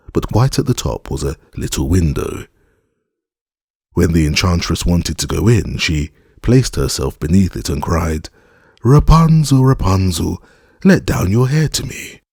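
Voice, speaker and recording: A male audiobook narrator with a very low, gravelly voice and a husky grain. He tells the fairy tale slowly and deliberately, in a dry, close sound. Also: darkish tone, no echo. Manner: slow, measured storytelling.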